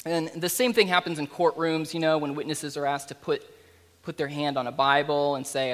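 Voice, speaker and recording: A man preaches a sermon in an easygoing, conversational manner, slipping in fillers and asides. His voice sits fairly high for a man. A long reverb trails behind each phrase, as in a large hall. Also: fairly even intonation, moderate pace, fairly bright tone.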